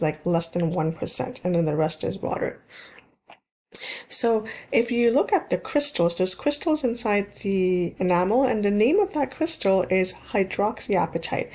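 Woman, dental hygiene instructor, slide lecture, warm mellow tone, patient repetition, restarts. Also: mid-range voice. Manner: explanatory, repeats key points, frequent ums and restarts.

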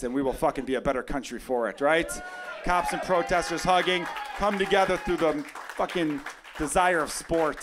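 A man performing a stand-up comedy set, telling profane stories and acting out loud quotes, on a club stage with a handheld mic. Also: medium pitch, noisy background. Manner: profane, animated storytelling with loud acted-out quotes.

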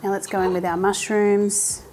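A woman's voice: mid-range voice, flat delivery, normal speed, a little mellow. A woman hosting a cooking show, chatting casually and explaining each step in an upbeat way as she cooks in a kitchen. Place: home kitchen.

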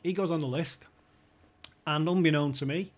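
A man's voice: fairly high pitch, moderate pace. A man telling stories casually, swearing and laughing as he goes. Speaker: podcast guest, former club insider. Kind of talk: casual storytelling chat.

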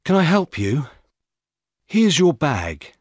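A man's voice: fairly high pitch, wildly swooping pitch, slow pace, husky, dry recording, studio quality, pitched above the performer's own voice, full character voice. A man voicing a young male jogger who is questioned by police and stays defensive.

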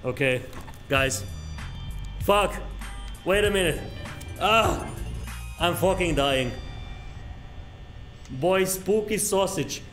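High-pitched guy streaming a horror game, freaks out n swears, voice jumps all over. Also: lively intonation, drawn-out words, long pauses, a bit bright, soft background music. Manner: crude, panicky, yelping and swearing at scares.

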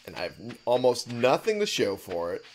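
A man's voice: medium pitch, wildly swooping pitch, brisk, slight background noise. A man giving casual commentary over his own gameplay. He swears a lot, laughs often, and keeps exclaiming in exasperation. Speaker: let's play streamer. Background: game music.

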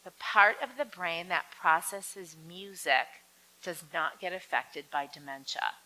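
A woman lecturing an audience on dementia care, lively and acting out quoted voices. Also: unhurried, poor audio. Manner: lively, acts out quoted voices with big swings in pitch.

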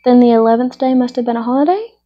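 An earnest, curious young girl full of questions, as a woman reading aloud puts her on. The voice is bright in pitch and a little husky. The sound is muffled and lo-fi. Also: fast talker, lightly acted. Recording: muffled lo-fi recording.

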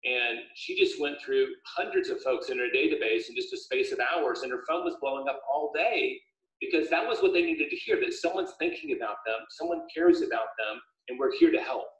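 A man, an author speaking as a guest, chatting casually on a video call with a steady, upbeat, explanatory manner. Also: medium pitch, fairly quick. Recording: echoey room, dull lo-fi audio.

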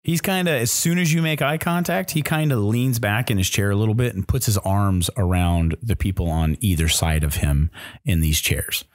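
A man's voice: on the low side, normal speed, dry recording, clean studio sound. A man narrating as game master in a tabletop game, explaining rules and describing scenes with frequent restarts.

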